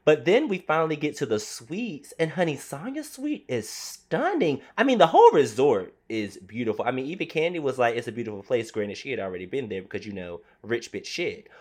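Sassy, animated man recapping reality TV. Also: mid-range voice, a little fast, few pauses. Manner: sassy, dramatic, calls everyone honey. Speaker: podcast co-host. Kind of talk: casual reality-TV recap chat.

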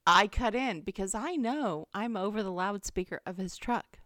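A woman's voice: medium pitch, moderate pace, a bit bright, dry recording, studio quality. A woman co-hosting a podcast, telling a story in a playful, laughing way. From Kansas. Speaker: podcast co-host. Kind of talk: casual chat.

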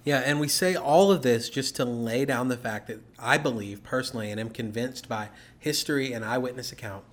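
A man at a mid-range pitch, co-hosting a casual Bible-teaching podcast. He explains things steadily and often checks in with the listener by asking "okay?". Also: brisk, fairly bright tone, slight background noise. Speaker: podcast co-host.

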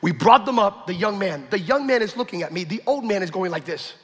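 A man preaching a sermon, telling a story with acted-out quotes and building to shouts. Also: high voice, animated, a little fast. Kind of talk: sermon testimony. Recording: echoey hall with long reverb.

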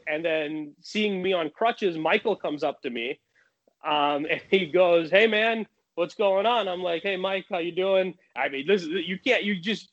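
A man telling a long personal story in casual talk, animated, with many restarts. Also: sits high, highs cut off.

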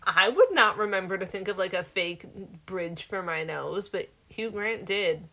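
A woman's voice: mid-range voice, expressive, measured pace, a bit bright. Woman, podcast co-host, laughs easily, amused, chatty, mid-range voice. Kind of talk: casual movie discussion.

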